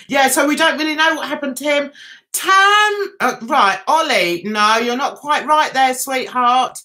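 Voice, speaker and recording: Lively, bright-voiced Cockney woman chatting. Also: high voice, unhurried. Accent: London Cockney. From England. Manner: chatty, reads viewer comments aloud and answers them. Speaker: livestream host reviewing TV. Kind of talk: casual livestream chat.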